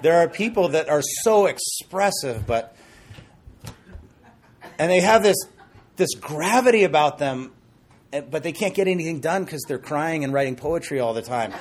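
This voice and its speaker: A man preaching a sermon, retelling stories with animated delivery and joking asides. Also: medium pitch, unhurried, slight background noise. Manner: animated storytelling with acted quotes and asides.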